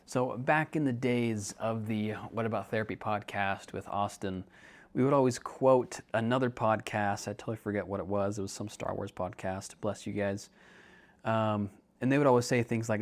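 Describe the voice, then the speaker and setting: Low-voiced man, chatty podcast talk. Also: normal speed. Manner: chatty, jokey, calls listeners dude. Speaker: podcast host and counselor. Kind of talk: casual podcast monologue.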